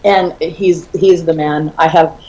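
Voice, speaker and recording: A woman in her fifties, a guest in an interview, telling animated stories and laughing often. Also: sits low, slow pace. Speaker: author and guest. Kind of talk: casual storytelling in an interview. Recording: slightly muffled audio.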